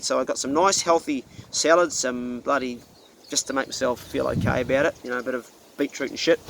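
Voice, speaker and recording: A man's voice: a little high, fairly bright tone, slight background noise. Blunt, profane New Zealand man. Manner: blunt and profane, folksy storytelling. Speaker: hunting vlogger. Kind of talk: casual rant to camera.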